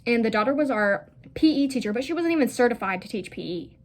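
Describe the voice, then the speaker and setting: A woman's voice: on the high side, expressive, fast. A young woman telling a casual storytime vlog, rambling with lots of "like" fillers and blunt, profane asides. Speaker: vlogger.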